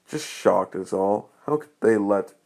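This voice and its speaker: Guy doing a smug sneering schoolboy rival, deep voice. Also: a little slow, creaky, a little mellow. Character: arrogant teenage boy rival student.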